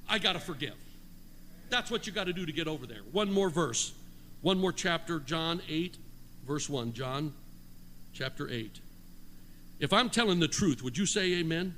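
A man preaching a Pentecostal-style sermon, reading scripture, shouting out and calling for responses from his congregation. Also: high-pitched, big pitch swings, normal speed. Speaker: pastor. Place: church sanctuary. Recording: long hall reverb, faint noise.

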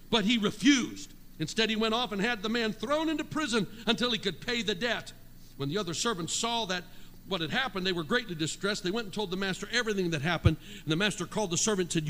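High bright guy preaching in a church, shouts and call-and-response, big hall echo. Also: lively intonation, a little fast. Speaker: pastor. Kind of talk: sermon. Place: church sanctuary. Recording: long hall reverb, faint noise.

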